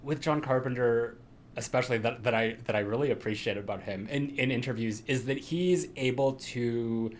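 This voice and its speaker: A man's voice: medium pitch, moderate pace, slight background noise. Podcast guy just chatting, rambly, lots of "like", laughs a bunch. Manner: rambling, full of "like" fillers and frequent laughs. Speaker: podcast co-host. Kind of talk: casual chat.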